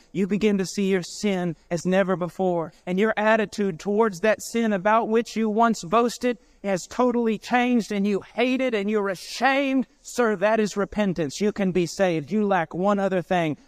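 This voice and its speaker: A man's voice: high voice, clear, resonant tone, no echo. A man preaching a sermon, urgent and direct, pleading straight with his listeners.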